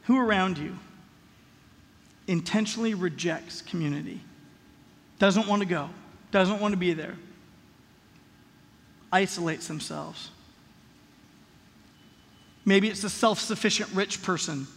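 Male pastor, high voice, lively storytelling sermon, echoing sanctuary. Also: measured pace, vocal fry, long pauses. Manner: animated, acts out voices of characters.

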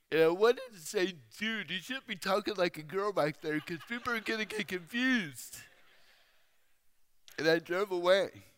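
Slow-spoken man with hard-to-understand speech. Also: high-pitched, a bit bright. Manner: slow, deliberate, pausing storyteller. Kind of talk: sermon storytelling.

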